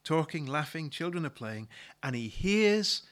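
A man's voice: on the high side, big pitch swings, a little slow, fairly bright tone. A male pastor preaching a sermon, retelling a story in a conversational way and often repeating words as he restarts a thought.

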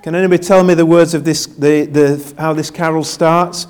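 An older male pastor delivers an informal Christmas sermon, his voice sitting a little higher than most men's. He chats, jokes at his own expense, and keeps asking the congregation to call out answers. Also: steady tone, moderate pace, few pauses, a little mellow, clear, resonant tone. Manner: chatty, self-deprecating, asks the congregation questions. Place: church with live congregation.

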